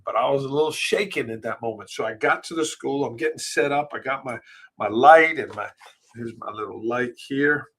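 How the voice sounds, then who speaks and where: A middle-aged man, hosting a live podcast and telling a personal story, emotional and halting, with many fillers and restarts. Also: mid-range voice, fairly bright tone, breathy edge. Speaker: podcast host.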